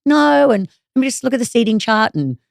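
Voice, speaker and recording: A woman interviewing her sister in a casual chat, eager and quick, often cutting in to agree and fill in details. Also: fairly high pitch, very animated, no echo, clean studio sound. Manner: quick, eager back-and-forth with frequent agreement.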